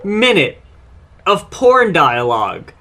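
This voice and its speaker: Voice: medium pitch, big pitch swings, takes it slowly, pushed and bright. A co-host on a casual album review podcast, giving blunt, dry opinions. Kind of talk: casual comedic review chat.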